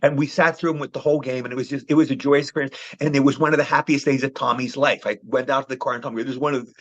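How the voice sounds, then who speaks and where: A man's voice: mid-range voice, fairly even intonation, rapid-fire, fairly bright tone. A man, telling rambling anecdotes as the guest of a casual interview. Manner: rambling storyteller, frequent "you know". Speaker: actor guest. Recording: muffled, lo-fi call audio.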